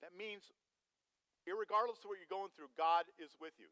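A man preaching a sermon as pastor, telling a story with animated energy and putting questions to the congregation. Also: high voice, moderate pace. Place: church sanctuary. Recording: long hall reverb.

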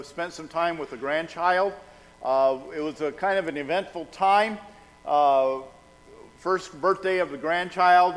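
An older man, a pastor, leading a church service with questions, a prayer and chatty announcements, in a folksy storytelling way. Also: fairly high pitch. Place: church sanctuary. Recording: long hall reverb.

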